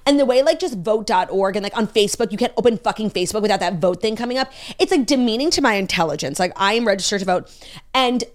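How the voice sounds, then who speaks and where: A young woman co-hosting a casual pop-culture chat, talking fast and animated, with lots of fillers and sarcasm. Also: mid-range voice. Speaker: podcast co-host.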